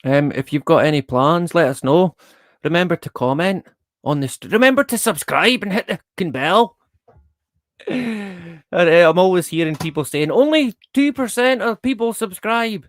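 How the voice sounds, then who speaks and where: A man's voice: fairly high pitch, expressive, normal speed, a bit bright, dry recording, clean studio sound. Laid-back man hosting a livestream. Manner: laid-back, rambling, chuckles often, swears casually. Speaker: livestream host. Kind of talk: casual livestream chat.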